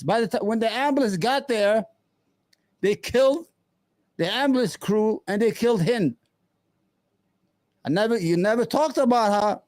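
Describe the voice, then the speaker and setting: High-voiced man heckling in scorn. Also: no echo. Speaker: YouTube commentator reacting to clips. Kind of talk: mocking reaction commentary.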